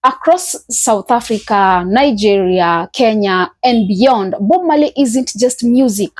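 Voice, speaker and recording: A woman's voice: fairly high pitch, lively intonation, slow, a little mellow. A woman hosting a reaction channel, giving semi-scripted commentary with frequent fillers and restarts.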